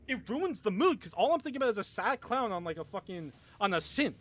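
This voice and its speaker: A man's voice: high voice, big pitch swings, quick pace, few pauses, a bit bright, a little hiss or hum. A young man chatting casually with viewers on a gaming livestream, rambling, swearing a lot and laughing often.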